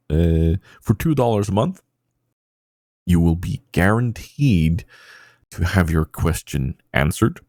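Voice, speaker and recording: A man's voice: low voice, vocal fry, warm tone, no echo, clean studio sound. A man hosting a casual podcast, rambling with many fillers and poking fun at himself. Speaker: podcast host.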